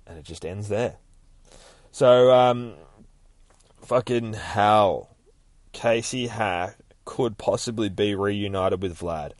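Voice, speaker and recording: Aussie guy geeking out over a comic, swears nonstop, lowish voice, dead dry sound. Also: takes it slowly, no room sound. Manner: swears constantly, excitable, sound effects. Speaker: podcast host. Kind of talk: excited casual comic retelling.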